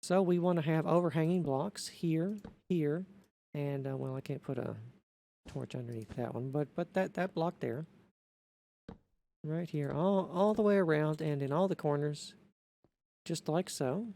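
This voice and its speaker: A man talking through a building tutorial in an unscripted voice-over, methodical and halting, often correcting himself. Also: a little high, gravelly, warm tone.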